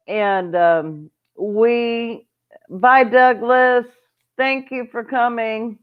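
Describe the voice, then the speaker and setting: A woman at a middling pitch tells a long story at an unhurried pace on a live stream. She rambles and keeps breaking off to greet viewers by name. The sound is dull and lo-fi. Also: clear, resonant tone. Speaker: homestead channel host. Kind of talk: casual livestream storytelling.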